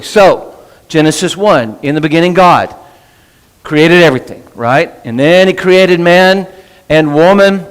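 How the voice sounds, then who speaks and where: A man's voice: on the high side, in a large hall. A man teaching a casual Bible class in church, chatty, breaking off his own sentences and asking "right?" often. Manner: chatty, self-interrupting, asks "right?" often. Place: church meeting room.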